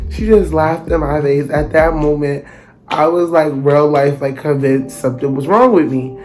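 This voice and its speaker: A young man narrating a storytime vlog in an animated, dramatic, slangy way. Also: on the high side, moderate pace, soft background music. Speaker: vlogger.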